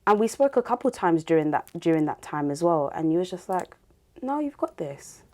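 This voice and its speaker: A podcast host, a woman whose voice sits a little low. She talks in a casual, animated way, laughing as she tells stories. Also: fairly quick. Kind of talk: casual interview chat.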